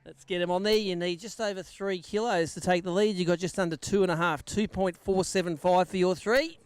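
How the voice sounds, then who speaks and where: A man's voice: high-pitched, fairly even intonation, fairly quick, clean tone, no echo. An Australian man acting as MC at an outdoor fishing weigh-in, giving live commentary and bantering with the anglers.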